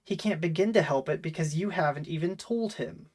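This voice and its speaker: A talkative disembodied head, chatty and frank, read out by a man in a rough, half-hearted accent. The voice sits a little high for a man. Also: fairly quick, a little mellow, close to an everyday voice. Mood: earnest. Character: chatty male talking severed head.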